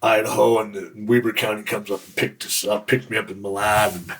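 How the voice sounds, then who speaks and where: A man from Utah, a podcast guest, telling his stories in a frank, rambling, casual way with a gravelly, raspy voice. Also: fairly low pitch, little pitch movement, a little fast, fairly bright tone, a little hiss or hum. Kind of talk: casual storytelling.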